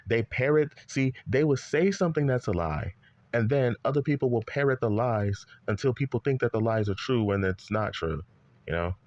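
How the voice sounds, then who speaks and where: A man's voice: medium pitch, expressive, moderate pace, darkish tone, no echo, muffled recording. A man, ranting heatedly in online commentary, cursing often and circling back to the same points. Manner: heated, profane, repetitive rant.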